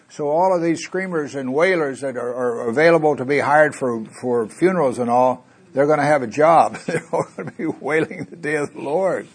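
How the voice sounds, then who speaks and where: A man teaching a Bible study sermon, reading scripture slowly and emphatically, then explaining it in a folksy, conversational way with jokes and asides. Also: on the high side, husky. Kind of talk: expository sermon.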